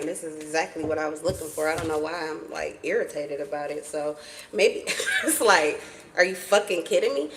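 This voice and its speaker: A woman's voice: lowish voice, a bit bright, a little hiss or hum, low-quality recording. A woman giving a casual tarot reading to her viewers, blunt and profane, with emphatic repetition. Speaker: tarot reader.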